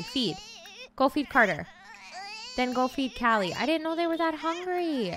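Female let's-play host, fairly high voice, casual running commentary, frantic pleading bursts. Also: moderate pace, pauses often. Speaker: gaming channel host.

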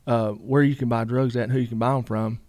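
A man's voice: mid-range voice, steady tone, fast talker, a little mellow, no echo. A middle-aged man, telling a story casually in a rambling way, full of fillers and quoted dialogue. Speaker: guest.

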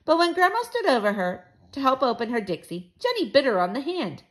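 Woman reading a kids' book aloud, sing-song, very lively pitch, fairly high voice. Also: a little fast. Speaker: storyteller reading to children. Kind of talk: children's book read-aloud.

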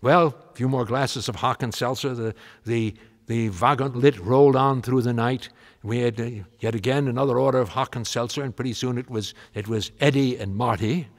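A man's voice: medium pitch, steady tone, moderate pace. A man from the United States, a musician, telling a comic tall tale in a rambling, stammering, wry way. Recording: long hall reverb.

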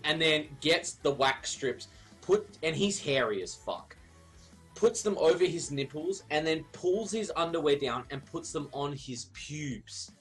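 A man's voice: a little high, expressive, a little slow, a bit bright, soft background music. A man, a streamer, telling a wild party story in a rambling, profane, casual way while he plays a game. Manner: rambling, profane, laughs at his own story.

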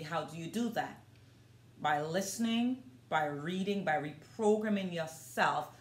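Woman, low voice, earnest, casual vlog talk, speaks to viewers, echoey room. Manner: earnest, talks straight to viewers. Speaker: motivational vlogger. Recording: roomy echo.

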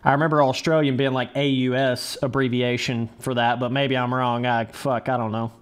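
A man's voice: medium pitch, level tone, moderate pace. A young man streaming a motocross game live, swearing casually, coaching himself through the race and chatting with viewers. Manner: casual, profane, talks to chat as brother and dudes; talks himself through the race under his breath. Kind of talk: live gameplay commentary.

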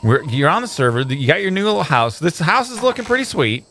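Excitable, animated man hosting a game. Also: fairly high pitch, fast talker, noisy background. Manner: upbeat and excitable, playful banter. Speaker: host. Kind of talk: casual gameplay commentary.

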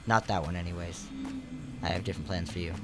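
A man's voice: low voice, steady tone, fast talker, over music. A young man hosting a casual let's play, joking crudely and rambling as he plays, dropping to mutters and jumping to squeals. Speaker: gaming channel host.

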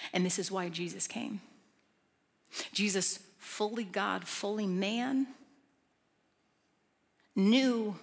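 A woman preacher delivers a sermon in a lively, joking, conversational manner to a congregation. Her mid-pitched voice carries through a large church auditorium with a long reverb tail. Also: slow pace, creaky, pauses often. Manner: animated, playful, conversational, with laughs. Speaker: guest preacher.

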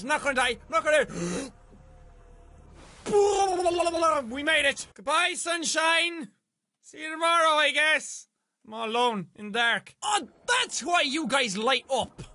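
Excitable young male gamer, very high bright voice, swears a lot, talks to the game. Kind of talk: let's play commentary.

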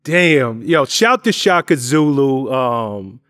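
A man hosting a casual interview, giving shout-outs and asking loose, restarting questions. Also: medium pitch, animated, takes it slowly, dry recording, studio quality. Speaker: interview host.

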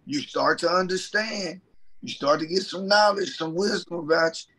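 A man sharing a personal faith testimony in an animated, folksy, self-mocking way. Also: high-pitched, normal speed, low-quality recording.

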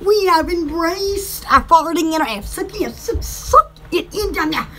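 A woman's voice: extremely high pitch, expressive, measured pace, sharp tone, a little hiss or hum. A woman with a Southern US accent, from Alabama, chatting on a live stream to sell from her shop, giggly and rambling. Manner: giggly, rambling, easily distracted. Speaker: online shop seller. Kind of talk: casual live-stream chat.

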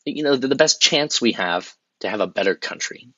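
A man's voice: medium pitch, expressive, fairly quick, a bit bright, slightly rough, no echo, muffled recording. A bumbling campaign spokesman. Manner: bumbling, stumbling over bad examples, muttering asides. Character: flustered male campaign spokesman, bumbling and awkward. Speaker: comedic campaign representative. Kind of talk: sketch comedy.

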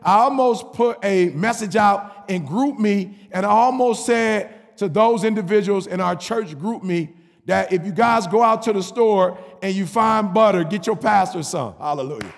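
High, raspy-edged male preacher, animated storytelling with call-and-response, in a reverberant hall. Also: measured pace. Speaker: pastor. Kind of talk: sermon storytelling.

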